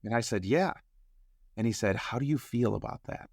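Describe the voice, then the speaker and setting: A man telling a personal story as a podcast guest, acting out the quoted dialogue with lively shifts in voice. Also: medium pitch, normal speed, creaky, dry recording, studio quality. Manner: animated storyteller who acts out quoted dialogue.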